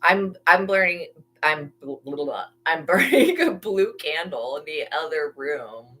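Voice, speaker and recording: Low-voiced chatty woman tarot reader. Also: expressive, measured pace, pushed and bright, rough recording. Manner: rambling, chatty, with many restarts. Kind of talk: live-stream tarot reading and prayer.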